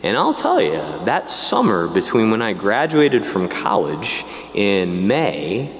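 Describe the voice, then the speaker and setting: Animated man in a reverberant hall. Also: lowish voice, slow. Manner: animated storytelling with casual asides. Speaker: priest telling his vocation story. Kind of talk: personal testimony talk.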